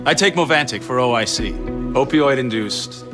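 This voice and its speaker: A man's voice: mid-range voice, lively intonation, normal speed, music in the background, lightly acted. A man playing an earnest construction foreman giving a testimonial in a parody ad. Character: plain middle-aged male construction foreman, earnest.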